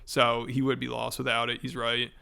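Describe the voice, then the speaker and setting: A man's voice: mid-range voice, monotone, normal speed, vocal fry, pushed and bright, smooth. A man casually recapping a story for a commentary video, in a chatty, informal way.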